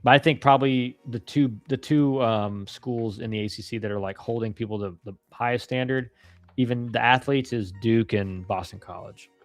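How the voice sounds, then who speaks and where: A laid-back man chatting on his live stream, with a mid-range voice that is neither high nor low. His delivery rambles with slang and restarts. The sound is dry and close, with faint music underneath. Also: moderate pace, no echo. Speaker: live-stream host, former college ballplayer. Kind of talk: casual live-stream chat answering viewer questions.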